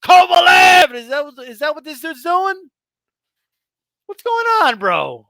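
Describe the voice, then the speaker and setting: Brief: animated, slangy show host, bright and forceful voice. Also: male voice, extremely high pitch, measured pace, a little hiss or hum. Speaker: boxing channel host. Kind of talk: casual chat.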